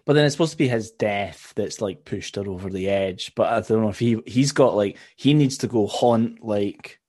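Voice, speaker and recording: A man sitting in as a podcast guest, chatting casually about a film. His voice sits a little low, and he talks in a laid-back, soft way that often trails off mid-thought. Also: normal speed. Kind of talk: casual chat.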